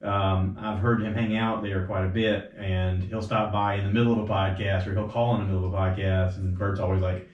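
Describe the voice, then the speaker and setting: A man's voice: deep voice, fairly quick, hardly any pauses. A man hosting a casual podcast, rambling through stories and acting out quotes with sudden jumps in his voice. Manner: rambling storyteller, quotes others with animated voice jumps. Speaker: podcast host. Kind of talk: casual chat. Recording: roomy, slightly dull home recording.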